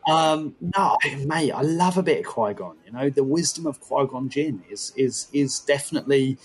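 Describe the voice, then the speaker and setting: A man, co-hosting a relaxed podcast chat. His voice is a little husky and sits at a middle pitch. He rambles in a laid-back way with plenty of "you know" fillers. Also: normal speed. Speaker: podcast co-host. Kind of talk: casual chat.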